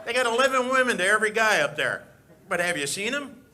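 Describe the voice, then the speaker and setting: A man's voice: high voice, very animated, quick pace, sharp tone, a little hiss or hum. A man doing stand-up insult comedy on a live stage, needling the crowd with brash jabs.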